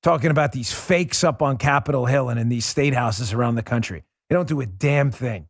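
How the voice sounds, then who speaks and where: A man's voice: a little high, animated, normal speed, dry recording, clean studio sound. A man hosting a political talk show, delivering a heated, scornful monologue. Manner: combative, ranting, scornful.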